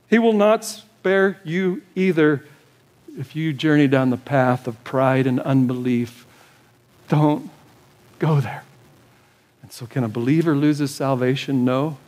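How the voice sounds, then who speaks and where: A male pastor preaching a sermon in an urgent, pleading way, repeating short commands. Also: a little high. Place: church service.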